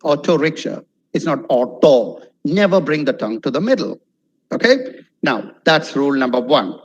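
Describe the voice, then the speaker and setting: Animated man drilling English pronunciation. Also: mid-range voice, normal speed, husky, highs cut off. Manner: animated, repeats words for drill, checks in with "okay?". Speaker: webinar speaker on spoken English. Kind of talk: online lecture. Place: webinar, video call.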